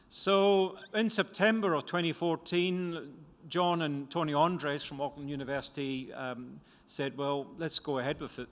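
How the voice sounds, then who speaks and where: An older Scottish economist, a man from Scotland, presents his book at a conference, rambling and self-deprecating with many restarts. His voice is a little high and a bit bright, at a moderate pace with few pauses. Lecture hall reverb colors the recording.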